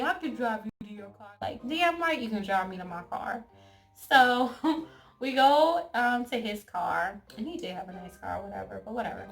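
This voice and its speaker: Young woman, mid-pitched voice, chatty animated storyteller talking to camera over faint music. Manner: chatty and animated, quotes others in lively asides. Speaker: storytime vlogger.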